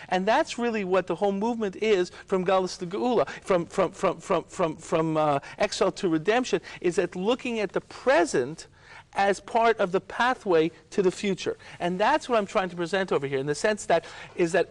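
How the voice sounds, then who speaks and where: A man, a rabbi, in a Talmud discussion, halting and repeating words as he presses his point. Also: high voice, expressive.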